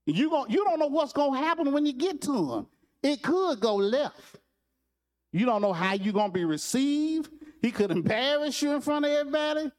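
A man preaching a sermon in a conversational storytelling style, repeating phrases and addressing listeners directly. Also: very high-pitched.

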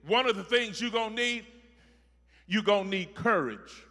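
A man preaching a sermon, repeating phrases rhythmically and building from soft talk to shouting. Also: sits high, moderate pace, in a large hall.

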